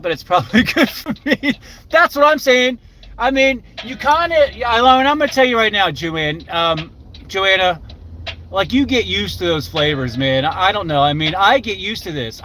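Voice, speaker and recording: A man's voice: sits high, expressive, normal speed, pushed and bright, a little hiss or hum, poor audio. An older man rambling in a casual live-stream chat while driving, swearing freely and talking to his viewers by name.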